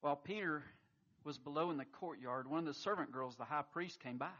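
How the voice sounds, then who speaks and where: Bright, emphatic male preacher. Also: fairly high pitch, brisk, lo-fi sound. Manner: emphatic, storytelling delivery with sudden surges of intensity. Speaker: pastor. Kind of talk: sermon.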